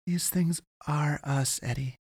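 Guy doing a scared young woman explorer, storybook, talks urgent n panicky, kinda higher. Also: takes it slowly, darkish tone, slightly rough, dry recording, studio quality, exaggerated voice. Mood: panicked. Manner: urgent, panicked, then murmuring.

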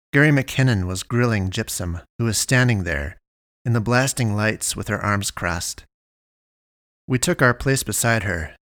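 Man, low voice, measured story reading, dry close sound. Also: a bit bright, no room sound. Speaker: narrator. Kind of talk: first-person story reading.

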